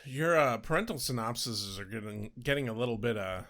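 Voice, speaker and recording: A man co-hosting a podcast in casual chat, animated and laughing often. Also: mid-range voice, fairly quick. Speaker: podcast co-host.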